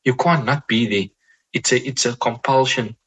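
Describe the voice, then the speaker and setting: A man with a husky, slightly breathy voice and a forceful, bright edge. He talks in a measured, reflective way, circling back and repeating words as he gathers his thoughts. His tone leans gently toward preaching. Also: medium pitch, muffled recording. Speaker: Muslim scholar guest. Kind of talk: reflective podcast conversation.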